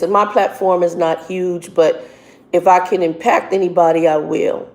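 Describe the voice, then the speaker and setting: A woman truck driver and minister giving casual, earnest advice, often halting and repeating words as she talks. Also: on the low side, fairly even intonation, darkish tone. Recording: echoey room.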